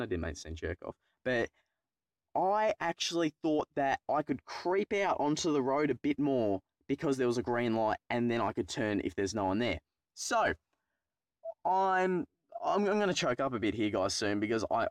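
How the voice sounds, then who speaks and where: A man's voice: medium pitch, animated, normal speed, no echo. A young Australian man telling a story about his driving test in a rambling, profane, self-mocking way. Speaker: YouTuber telling a personal story. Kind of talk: casual storytelling vlog.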